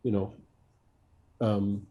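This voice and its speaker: An older American man speaks in a warm, mellow tone as a guest in an interview. He talks reflectively and often pauses on fillers and restarts his sentences. He is a seasoned coach. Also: on the low side, level tone. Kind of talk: conversational interview.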